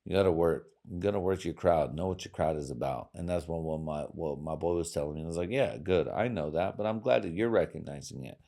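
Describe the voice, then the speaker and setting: A man hosting a podcast, swearing through a crude, rambling monologue with sudden swings in loudness and pitch. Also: brisk, creaky, hardly any pauses. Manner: loud swings in volume and pitch. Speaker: podcast host.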